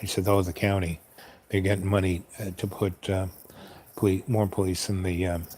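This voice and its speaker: Rambling low-voiced man musing aloud. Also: little pitch movement, moderate pace, a little mellow, slight background noise. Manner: meandering, musing, asks himself questions. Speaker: host. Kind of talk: rambling casual monologue.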